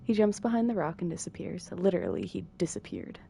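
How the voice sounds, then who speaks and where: A woman reads a visual novel aloud in a calm, unhurried bedtime manner. Her voice sits low and mellow, with a gravelly fry, and she drops in dry little asides. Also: a little hiss or hum. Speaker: narrator reading a visual novel. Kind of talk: soft bedtime narration.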